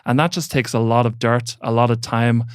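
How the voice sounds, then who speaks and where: A man in a mid-range voice speaks as a podcast guest in a thoughtful, grounded way, swearing casually. His voice is smooth and clear. The sound is dry and close. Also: mid-range voice, steady tone, brisk, no echo. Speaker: mentor and coach, podcast guest. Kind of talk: reflective conversational talk.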